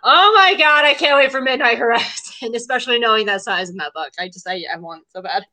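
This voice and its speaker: A woman co-hosting a casual fan chat, excitable and gushing, laughing often. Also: fairly high pitch, fast talker. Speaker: podcast co-host.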